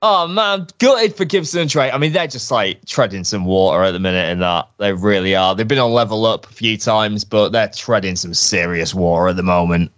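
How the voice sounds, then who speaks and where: A man's voice: lowish voice, fairly quick, few pauses, fairly bright tone. A man as a guest on a podcast, chatting about wrestling with keen enthusiasm. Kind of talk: casual wrestling chat.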